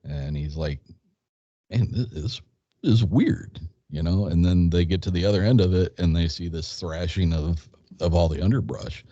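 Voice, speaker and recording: A man's voice: low voice, fairly even intonation, moderate pace, dark tone, no echo. A man in his fifties, a guest telling a personal story in a rambling, casual way, acting out back-and-forth dialogue with hesitant restarts. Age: 50s. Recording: dull lo-fi sound.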